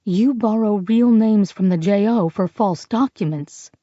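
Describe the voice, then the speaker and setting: A woman's voice: medium pitch, a little slow, mellow, dry recording, highs cut off, close to an everyday voice. A woman voicing a frightened young woman who stammers and trips over her words in an audiobook. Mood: flustered. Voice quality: stammering, nervous. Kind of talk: audiobook character voice.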